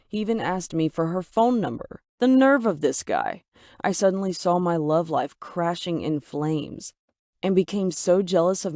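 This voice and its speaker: A woman narrating a first-person story with dramatic, expressive delivery. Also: fairly low pitch, dry recording, clean studio sound.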